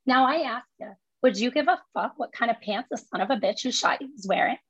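A woman voicing a brash, fast-talking woman with a New York accent, delivering an emphatic rant. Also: on the high side, expressive, slightly rough, no echo, lo-fi sound, pitched above the performer's own voice. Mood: indignant.

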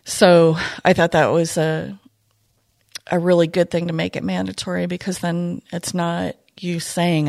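Woman, low gravelly voice, reflective, halting, casual podcast chat, dry close sound. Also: little pitch movement, no echo. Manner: reflective, soft-spoken, many pauses and fillers. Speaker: retired police K9 unit handler, podcast guest.

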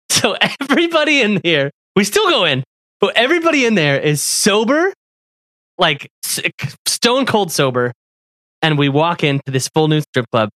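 A man's voice: high voice, sing-song, normal speed, fairly bright tone, no room sound, studio quality. A man co-hosting a podcast, telling a story in casual chat, laughing often and acting out the people he quotes. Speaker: podcast co-host.

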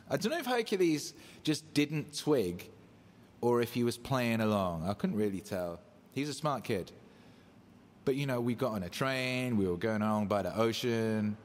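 A man's voice: medium pitch, expressive, a little slow. Hyped man in an echoey room. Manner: hyped, loose, swearing, shouting out viewers. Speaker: livestream host. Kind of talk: casual livestream chat. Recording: echoey room with long reverb.

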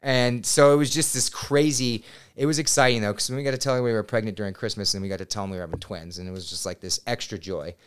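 A man in his thirties, a podcast guest, telling a personal story in a casual, animated and excitable way, swearing now and then. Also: fairly low pitch, fast talker, clear, resonant tone. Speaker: podcast guest, real estate agent.

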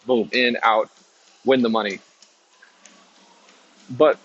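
A man's voice: medium pitch, fairly bright tone, a little hiss or hum. A man hosting his own motivational podcast, talking loosely with many restarts and fillers. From American South. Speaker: podcast host. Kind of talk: casual motivational talk. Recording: dull lo-fi recording.

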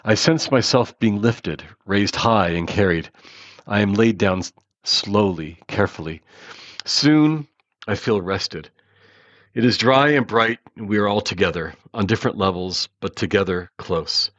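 A man reads a first-person story in an earnest, measured way, now and then restarting a word. His voice sits low. The recording is dull, dry and lo-fi. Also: a bit bright, dry recording. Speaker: narrator.

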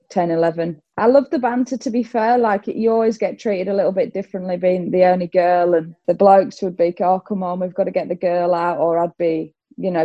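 A woman's voice: fairly low pitch, warm tone, dry recording, lo-fi sound. Yorkshire woman with an Aussie twang. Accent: Yorkshire with an Australian twang. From Yorkshire, England. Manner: chatty, upbeat, laughs easily. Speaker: guest cricketer. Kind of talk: casual interview chat.

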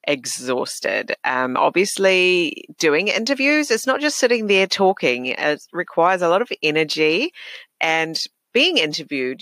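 Bright-toned chatty podcast host. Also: male voice, fairly high pitch, no room sound. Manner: chatty and reflective, many fillers and self-corrections, laughs easily. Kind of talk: casual personal monologue. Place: small closet home studio. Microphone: desk podcast microphone.

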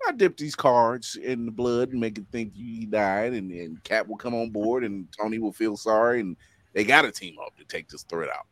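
A man co-hosting a casual chat show, animated, joking and acting out quotes. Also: lowish voice, no room sound. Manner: animated, quick to joke, acts out quotes. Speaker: podcast co-host.

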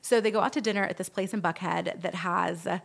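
A woman's voice: on the low side, fairly quick, gravelly. A woman podcast host, telling a long story in casual chat and acting out the voices of the people in it. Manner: animated storyteller, acts out quoted voices, swears freely.

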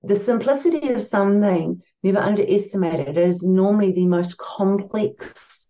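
New Zealand woman guest, warm dark tone, gentle and spiritual, muffled remote line. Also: medium pitch, moderate pace. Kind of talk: reflective conversational chat.

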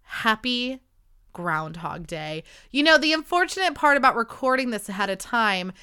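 A woman's voice: a little high, sing-song, moderate pace, bright, forceful tone, smooth. A woman in her twenties hosting a casual solo podcast, bubbly and chatty, saying "like" a lot. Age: 20s. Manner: bubbly, chatty, says "like" often. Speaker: podcast host.

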